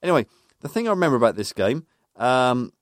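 A man's voice: mid-range voice, sing-song, fast, no echo, studio quality. A man co-hosting a casual football podcast, reading from notes and recounting old match details. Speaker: podcast co-host.

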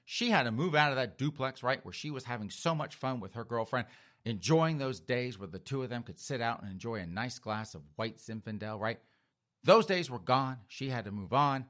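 A man's voice: mid-range voice, expressive, normal speed, fairly bright tone. A man hosting a comedic news show, retelling stories in a mocking storytelling way and calling listeners "folks.". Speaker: host.

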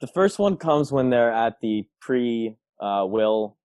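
A man's voice: medium pitch, lively intonation, takes it slowly, darkish tone, no echo. A man chatting casually about a film on a podcast, laughing often as he reads out quotes.

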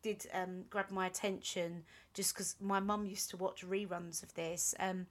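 A woman's voice: lowish voice, little pitch movement, unhurried. Woman podcast cohost, rambly chatty storytelling, lots of ums. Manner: rambling, chatty, with frequent ums and self-corrections. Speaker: podcast co-host. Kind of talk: casual chat, recounting a band's history.

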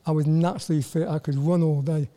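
High-voiced Welsh man in his 60s. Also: steady tone, warm tone. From Wales. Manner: halting, repeats words, self-deprecating. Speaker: guest, former footballer. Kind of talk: casual interview chat.

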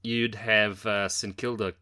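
Bright-voiced Australian man, wry banter. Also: on the low side, little pitch movement, measured pace, dry recording, clean studio sound. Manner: wry, playful teasing. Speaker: podcast co-host. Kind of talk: casual sports chat.

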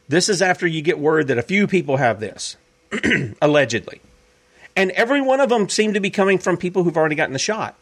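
A man hosting an opinionated commentary show, talking emphatically and repeating his points for effect. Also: a little high. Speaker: podcast host.

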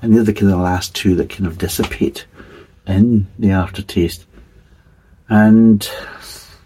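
A man's voice: on the low side, measured pace, long pauses, mellow, a little hiss or hum, poor audio. A man giving a casual, rambling beer tasting review, hedging and restarting his sentences as he describes the flavours.

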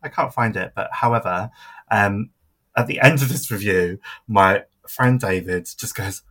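A young man co-hosting a podcast in casual chat, laughing often and trailing off quietly. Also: fairly low pitch, a little slow. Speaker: podcast co-host.

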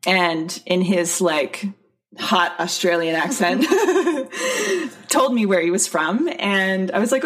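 A woman's voice: on the low side, moderate pace. A woman, a guest telling a story in casual conversation, laughing often and acting out what people said. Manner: animated, laughing storyteller who acts out quotes. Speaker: guest, nutrition and wellness consultant.

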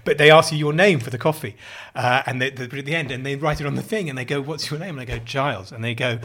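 Fast-talking posh English man. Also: medium pitch, a bit bright. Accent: southern English, posh. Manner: rambling anecdotes, mimics others' voices. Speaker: podcast co-host. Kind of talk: casual chat.

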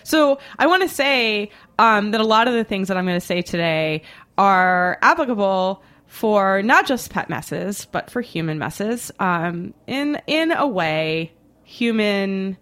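A woman's voice: medium pitch, a bit bright. A woman hosting a podcast with playful, teasing chatter. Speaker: podcast host. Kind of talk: casual podcast chat.

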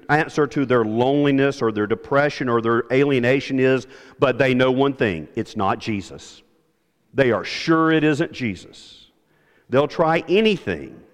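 A male pastor giving a conversational, animated sermon, repeating key phrases for emphasis. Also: medium pitch. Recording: long hall reverb.

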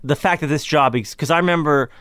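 A man's voice: a little high, fast talker, a bit bright, smooth, no echo. A man from Kentucky, a comedian guest telling a story in a casual interview, rambling, swearing and restarting often. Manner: rambling, profane, frequent restarts.

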